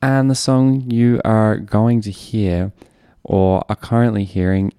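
A man's voice: on the low side, fairly even intonation, slow pace, warm tone, clean tone, dry recording, soft background music. A man with an Australian accent, working as a radio DJ and chatting casually between songs in a rambling, enthusiastic way from a radio studio. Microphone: studio microphone.

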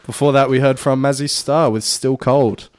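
A man's voice: mid-range voice, fairly even intonation, moderate pace, very noisy. A man co-hosting a radio show, bantering casually in a dry, teasing way into a studio mic. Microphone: studio mic with headphones.

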